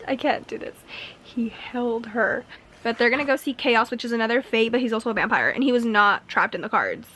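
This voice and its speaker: A young woman filming a casual reading vlog, gushing and excitable, full of "like" asides, recorded on a camera mic at home. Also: fairly high pitch, fast talker, few pauses. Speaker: book vlogger.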